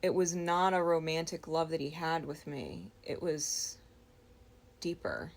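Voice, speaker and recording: Slow, gravelly-voiced woman recounting a dream. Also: low voice. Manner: slow, reflective, with frequent pauses and restarts. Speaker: storyteller.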